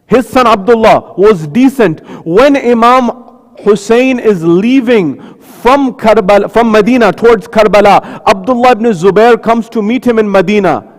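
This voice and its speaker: Man, high-pitched preacher, sermon in a mosque hall, shifts between low slow asides and rising lament, long reverb. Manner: slows and drops low for quoted lines, rises to a high lament at the climax. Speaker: speaker at a mosque majlis. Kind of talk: sermon with mournful recitation.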